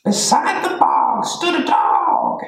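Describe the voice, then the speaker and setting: A woman reading a children's picture book aloud in a slow, sing-song, expressive way. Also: very deep voice, creaky. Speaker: children's storyteller. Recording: echoey room.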